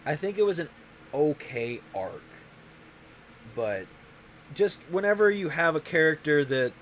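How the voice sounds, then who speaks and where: A man's voice: fairly high pitch, expressive, a little slow, fairly bright tone, a little hiss or hum, low-quality recording. A man hosting a show, talking in a casual, rambling way, often restarting his sentences. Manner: rambling, self-interrupting. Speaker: show host. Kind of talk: casual chat.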